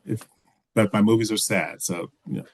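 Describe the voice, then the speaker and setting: Low-voiced man telling stories over video call. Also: fairly even intonation, normal speed, darkish tone, no room sound. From Texas. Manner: storytelling, many restarts and "you know". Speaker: filmmaker guest. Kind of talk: casual video call interview.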